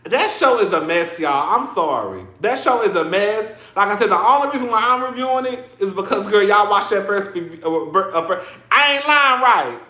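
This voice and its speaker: A man's voice: high voice, lively intonation, normal speed, pushed and bright, reverberant. A man casually commenting on a reality show, sassy and dramatic, laughing often and calling his listeners girl.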